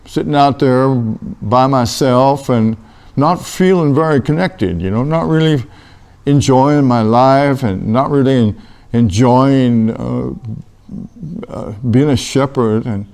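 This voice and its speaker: A man's voice: medium pitch, takes it slowly, gravelly, darkish tone, clear, resonant tone. A man playing a folksy old biblical shepherd-prophet, telling his story in a rambling, homespun way during a comic church interview. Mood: earnest. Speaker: interview guest in character.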